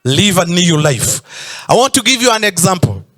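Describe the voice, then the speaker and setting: A man's voice: sits high, sing-song, normal speed, a bit bright, faint music behind. A man preaching a sermon in church, stretching out emphatic phrases and sometimes breaking into a sung tone. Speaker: pastor.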